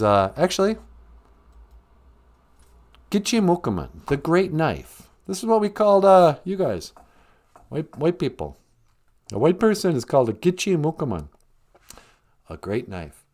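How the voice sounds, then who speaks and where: A man's voice: fairly high pitch, huge pitch swings, measured pace, long pauses, darkish tone. A man hosting a comic call-in sketch, laid-back and chuckling. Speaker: comedy show host.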